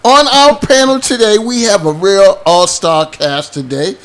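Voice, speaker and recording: A man's voice: high-pitched, unhurried. A man hosting a talk show panel, joking and bantering with his co-host.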